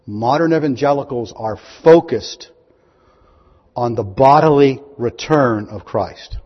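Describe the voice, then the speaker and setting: A man preaching a sermon, reading scripture aloud and asking his listeners questions, rising to loud, high proclamations. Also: slow pace. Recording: dull, long-echo hall recording.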